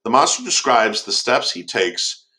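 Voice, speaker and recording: A man's voice: mid-range voice, big pitch swings, unhurried, pushed and bright. A man teaching a casual lesson on a novel, rambling, with frequent fillers and restarts.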